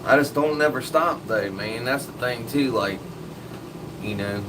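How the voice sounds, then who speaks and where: A man's voice: mid-range voice, a little slow, far from the mic, background noise. A man hosting a live stream in casual chat, laid-back and slangy, swearing freely.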